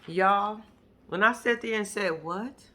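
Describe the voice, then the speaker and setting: At normal speed, a woman with a fairly high, animated, sharp-toned voice recaps a reality show in a casual chat about the episode. She's blunt and swears a lot, telling the story emphatically and speaking directly to her viewers.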